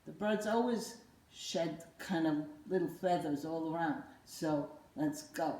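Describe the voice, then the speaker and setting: A woman's voice: sits low, slow, warm tone. An older woman teaching children their letters with a puppet, playful and coaxing, repeating words for them to say back. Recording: roomy echo.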